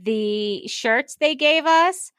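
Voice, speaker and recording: Telling a story on a podcast she co-hosts, a woman rambles in casual chat, using "like" and other fillers constantly. Her high voice is animated and fairly bright, though she speaks extremely slowly. The sound is studio quality with no echo.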